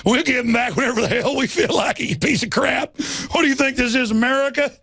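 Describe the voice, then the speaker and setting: Guy putting on a smug bad cop voice, way up high, raspy and mocking. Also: quick pace, bright, forceful tone, dry recording, clean studio sound, heavily acted. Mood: sneering. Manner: mocking, gloating. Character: sneering corrupt male cop mocking a parent.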